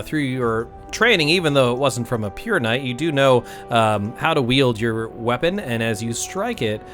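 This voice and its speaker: A man runs the table as game master, his pitch rising and falling in an animated way. He talks casually and often catches and fixes his own slips. Soft music plays underneath. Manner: casual, rolls dice aloud, self-correcting.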